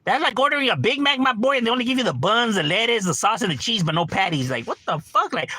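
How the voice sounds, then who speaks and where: A man's voice: high voice, animated, quick pace, hardly any pauses, sharp tone, no echo. A middle-aged man streaming a game from home, ranting casually with lots of profanity and constant "bro.". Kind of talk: casual livestream rant.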